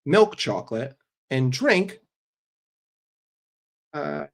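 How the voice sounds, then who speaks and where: A man's voice: on the high side, sing-song, creaky. A man hosting a live stream who answers his chat casually, speaking bluntly, swearing often and joking. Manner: blunt and profane, answers chat with quick jokes. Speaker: livestream host.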